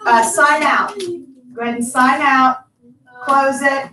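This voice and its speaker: Woman teacher, fairly high voice, brisk and directive, roomy echo, heard from a distance. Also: fairly even intonation, pushed and bright. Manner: brisk, directive, repeats instructions. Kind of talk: classroom instruction. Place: classroom. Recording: echoey classroom from far off.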